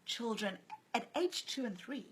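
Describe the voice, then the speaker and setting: Guesting on a conversational interview, this female author tells stories and performs the voices of those she quotes. Her voice is fairly high and husky, with big swings in pitch, and she speaks a little slowly. The recording is low quality.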